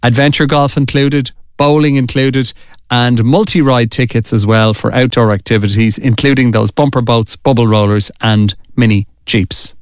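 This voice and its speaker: An Irish man presenting a radio competition promo in an energetic, salesy way, repeating the key details. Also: medium pitch, moderate pace, clear, resonant tone, no echo, studio quality. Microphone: studio mic, dry.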